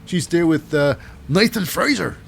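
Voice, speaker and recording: A man's voice: a little high, lively intonation, a little slow, creaky, fairly bright tone. A man casually recapping wrestling matches in a rambling, wry way with lots of fillers.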